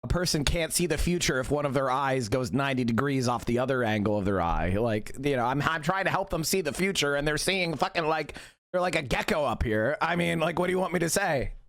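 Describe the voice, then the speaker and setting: This livestream host delivers ranting commentary loaded with profanity and heated sarcasm. He speaks fast and animatedly in a slightly high, fairly bright voice, recorded dry at studio quality.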